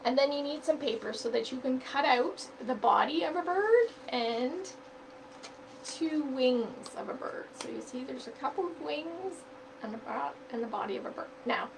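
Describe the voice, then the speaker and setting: A woman's voice: high voice, expressive, normal speed, gravelly, recorded from a distance, noisy background. A woman hosting a library storytime, reading a picture book aloud and explaining a craft in an upbeat, teacher-like way.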